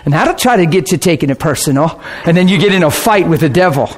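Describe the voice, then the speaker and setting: High-voiced man preaching a testimony. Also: quick pace. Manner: animated storytelling, bursts of laughter, sings a hymn line. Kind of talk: testimony sermon.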